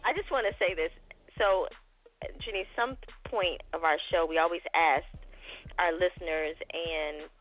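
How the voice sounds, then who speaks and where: A woman's voice: lowish voice, measured pace, dry recording. A woman co-hosting a talk show in casual chat, giggly and rambling, with many "you know"s. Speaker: co-host. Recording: tinny phone-like audio with faint music.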